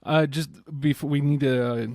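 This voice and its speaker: A man's voice: fairly high pitch, steady tone, moderate pace, darkish tone, dry recording, clean studio sound. A man co-hosting a casual radio show, upbeat and repeating points for emphasis.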